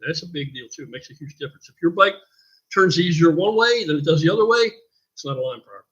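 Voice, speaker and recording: An older man talks on a live stream, rambling and swearing freely in a husky voice that sits a bit high for a man. The sound is dull and lo-fi. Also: lively intonation, fast, fairly bright tone. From United States. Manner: blunt, profane and rambling. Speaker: host. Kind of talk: casual live-stream chat.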